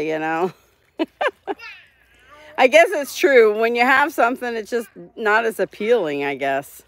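A woman from Florida hosting a casual live stream, chatting and laughing as she reads out viewers' messages. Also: on the high side. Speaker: livestream host. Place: home in Florida.

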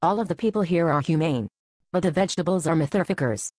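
A woman's voice: fairly low pitch, animated, fast, a little mellow, no room sound. A woman voicing a solemn, mournful male vegetable messiah in a satirical story.

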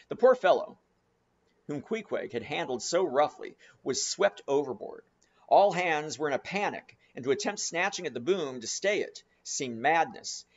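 Expressive male audiobook narrator, lively voice. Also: a little high, muffled recording. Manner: expressive, dramatic reading with slowed, savoured phrasing.

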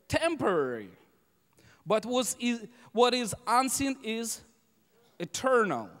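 A man's voice: extremely high pitch, in a large hall. A male pastor with non-native English preaching a sermon, emphatic and repetitive, often asking the congregation "right?". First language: Russian. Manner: emphatic, repeats key phrases, asks the congregation "right?". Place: church sanctuary.

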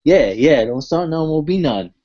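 Rambling, chatty podcast co-host, lo-fi sound. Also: male voice, fairly high pitch, lively intonation, moderate pace, mellow. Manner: rambling, chatty, lots of fillers and restarts. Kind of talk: casual podcast chat.

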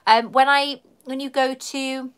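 A woman's voice: high-pitched, fairly even intonation, a little slow, a bit bright, clean tone. A woman from the London area with a southern English accent, hosting a casual live stream from home, chatting in a rambling way and reading viewer comments aloud. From London area, England. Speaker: livestream host.

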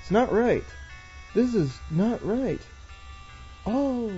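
A young adult woman plays a game as a let's play gamer, giggling, chatting casually and reading on-screen text aloud. Her fairly high voice swings widely in pitch and moves very slowly with frequent pauses, on a dull lo-fi recording with faint game music.

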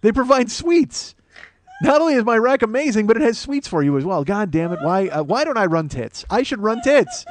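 A man's voice: high voice, sing-song, brisk, slight background noise. A man in his forties hosting a comedy podcast, delivering a profane, exasperated solo rant that swings between mock outrage and mumbling. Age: 40s.

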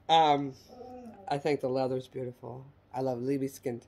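A woman's voice: extremely low pitch, little pitch movement, moderate pace, mellow. A middle-aged woman from the United States chatting casually as she shows handbags for sale, folksy and self-deprecating. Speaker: online reseller showing handbags. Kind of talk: casual product show-and-tell.

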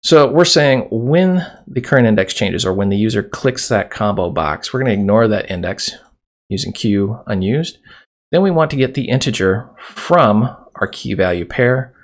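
Gravelly low-voiced man teaching code. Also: animated, normal speed. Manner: casual, chatty explaining while typing. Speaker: programming tutorial host. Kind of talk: screen-recorded coding tutorial. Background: keyboard typing and mouse clicks.

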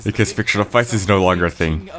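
A man giving rambling casual commentary on his own video, clearing his throat with a cold. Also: low voice, quick pace, fairly bright tone, soft background music. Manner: rambling, frequent fillers and restarts. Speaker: creator giving episode commentary.

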